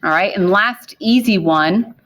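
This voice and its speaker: A woman's voice: mid-range voice, a little slow, fairly bright tone. A woman teaching a math class, speaking to her students, who repeats key points and keeps checking in with questions. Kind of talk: classroom lecture.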